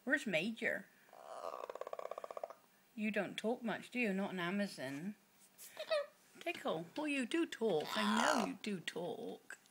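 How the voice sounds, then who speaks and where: A woman's voice: mid-range voice, very animated, slow pace, pauses often. A woman, casually coaxing her parrot to talk in a sing-song pet voice, recorded on a home video. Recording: noisy home video with background noise.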